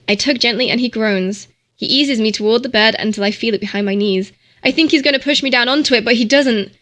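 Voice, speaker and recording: A woman's voice: fairly high pitch, fairly bright tone. A woman streamer reading a novel aloud in a mock-dramatic style, sometimes stumbling over words.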